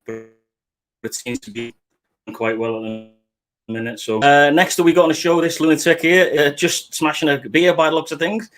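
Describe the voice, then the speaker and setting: A man's voice: on the high side, normal speed, a bit bright. A British man hosting a casual livestream show, chatting and swearing while he fixes his webcam setup. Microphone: webcam setup at a desk.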